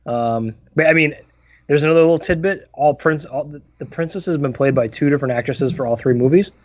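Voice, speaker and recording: A man's voice: fairly high pitch, a little fast, no echo, highs cut off. A man co-hosting a casual movie review podcast, sharing trivia in a rambling way with fillers. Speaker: podcast co-host.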